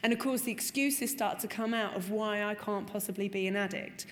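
A woman's voice: mid-range voice, brisk. Woman, telling her story in a hall. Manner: frank and expressive, swears, acts out quotes. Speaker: speaker sharing a recovery story. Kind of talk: personal testimony talk. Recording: long hall reverb, faint room noise.

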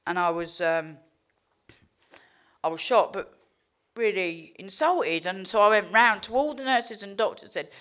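A woman's voice: mid-range voice, expressive, a little slow, long pauses, fairly bright tone. An English woman giving a candid, heartfelt recovery testimony, swearing freely and telling her story with animation. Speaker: recovery speaker.

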